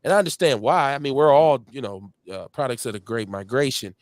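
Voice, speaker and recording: A man in his forties from Milwaukee with a Milwaukee accent, hosting a live show in casual, slangy chat full of shout-outs and stories. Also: mid-range voice, a little fast, dry recording, studio quality. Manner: animated storytelling, slangy, lots of shout-outs. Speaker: host.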